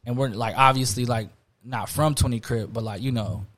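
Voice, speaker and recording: A man's voice: medium pitch, moderate pace, a bit bright. Laid-back young man. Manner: laid-back, heavy slang, many fillers. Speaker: podcast host. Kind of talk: casual storytelling chat.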